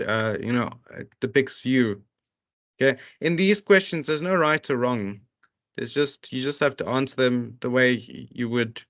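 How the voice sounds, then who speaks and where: Man, tutor, online lesson, reading and explaining workbook questions, halting with restarts and fillers. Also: medium pitch, a bit bright. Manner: reads questions aloud then explains them. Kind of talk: walking students through a workbook.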